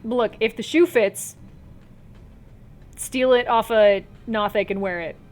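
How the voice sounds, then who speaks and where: A woman's voice: on the high side, steady tone, takes it slowly. Wry woman player joking mid-game. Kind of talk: casual game chat. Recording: faint music behind.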